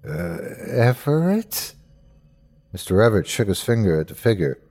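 A man hosting and narrating a dramatic horror story in an expressive, measured way that builds suspense. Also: deep voice. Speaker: host and narrator.

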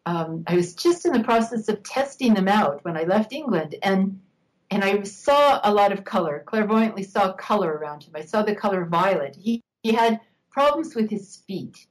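An older woman, an interview guest, telling a personal story in a reflective, unhurried way, laughing now and then. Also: mid-range voice, expressive, low-quality recording.

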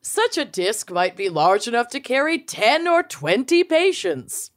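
A woman's voice: on the high side, very animated, unhurried. A woman co-hosting a podcast, telling a story in casual chat with frequent laughs. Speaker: podcast co-host presenting the story.

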